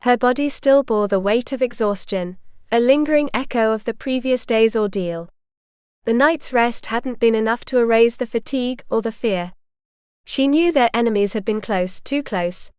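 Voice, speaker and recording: A woman narrating a historical romance audiobook in a measured storytelling manner. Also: a little high, a little mellow, clear, resonant tone, no room sound, studio quality. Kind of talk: scripted narration.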